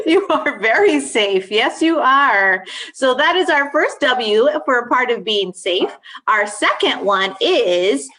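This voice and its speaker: A woman co-hosting an online school assembly, energetic and encouraging, reviewing safety reminders for students. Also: fairly high pitch, slow. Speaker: school staff co-host. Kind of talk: upbeat school assembly talk. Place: video call for an online assembly.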